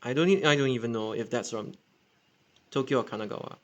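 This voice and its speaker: A man's voice: mid-range voice, quick pace, muffled recording. A man with a Singaporean English accent giving an unscripted, casual explainer, rambling with many fillers and self-corrections. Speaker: transit enthusiast channel host.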